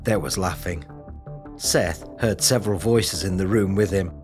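A man narrating an audiobook in a steady, measured storytelling manner, over music. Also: sits low. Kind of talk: scripted narration.

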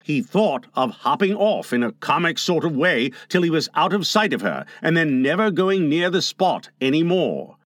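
Male audiobook narrator, expressive, animated intonation, fairly high voice. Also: normal speed, hardly any pauses, no echo, studio quality. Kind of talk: audiobook reading.

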